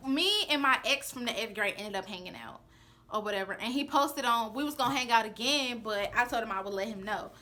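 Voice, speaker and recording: A young woman telling a personal story to her camera in a casual storytime chat, sassy and animated, acting out what others said. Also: on the high side. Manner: sassy, animated, acts out the quoted lines.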